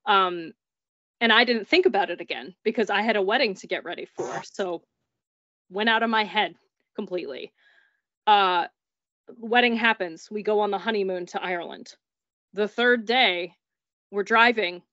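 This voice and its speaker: A woman's voice: mid-range voice, normal speed, pauses often, pushed and bright, no room sound. Chatty woman telling a strange story. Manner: chatty, peppered with "like", acts out dialogue. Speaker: guest recounting paranormal experiences. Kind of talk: casual storytelling. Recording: dull, dry recording.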